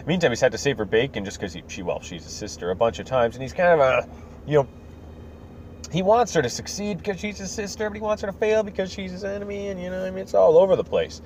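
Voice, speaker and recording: A man's voice: mid-range voice, lively intonation, a little fast, darkish tone. A man hosting a podcast, recapping a story casually with rambling, self-correcting asides, on a slightly dull recording with faint noise. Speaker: podcast host.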